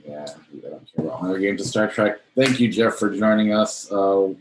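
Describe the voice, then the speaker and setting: A man's voice: low-pitched, normal speed. A man hosting a movie podcast, easygoing with dry humor. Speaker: podcast host. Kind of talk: casual podcast chat. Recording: roomy with faint background noise.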